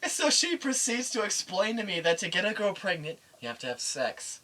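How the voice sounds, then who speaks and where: A young man co-hosting a podcast, telling a crude story with animated energy and acted-out quotes. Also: sits high, a little fast, distant mic, poor audio. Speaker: podcast co-host. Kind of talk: casual storytelling chat.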